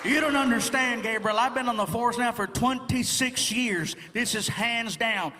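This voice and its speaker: A comedian doing an easygoing veteran cop. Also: male voice, very high-pitched, normal speed, pushed and bright. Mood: laughing along. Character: male veteran highway cop, amused. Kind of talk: stand-up character voice. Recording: echoey live venue with crowd ambience.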